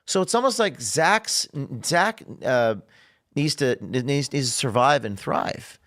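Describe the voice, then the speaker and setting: A man guest on a talk show, telling stories in an animated way and acting out what others said. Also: medium pitch, slow, dry recording, clean studio sound. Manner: animated storyteller, acts out quotes. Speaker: guest, undercover journalist.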